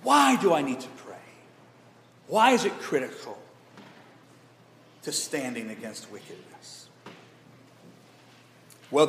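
A man pastor preaching an emphatic sermon to his congregation, asking them questions. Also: a little high. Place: church sanctuary. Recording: echoey hall reverb.

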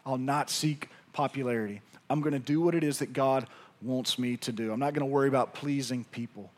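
Man doing a calm Jesus, lower, hushed, firm, steady. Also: a little fast, natural voice. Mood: resolute. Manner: quiet, firm. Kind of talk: sermon.

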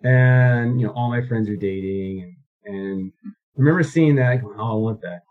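A man's voice: lowish voice, moderate pace, phone-quality sound. A man in his thirties, a guest recounting his life story in a casual interview, rambling with many fillers and restarts.

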